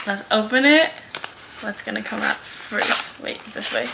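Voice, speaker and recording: Chatting through a casual unboxing vlog, a young woman gushes and giggles, often saying "oh my god." Her mid-range voice is slightly slow with vocal fry, and the background is noisy.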